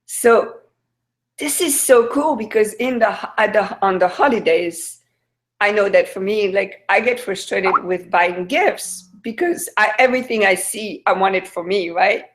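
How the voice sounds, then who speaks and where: A French woman hosts a casual chat over a video call, her voice sitting at an ordinary middle pitch. She is chatty and questioning and often restarts her sentences as she talks. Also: measured pace. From France. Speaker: host.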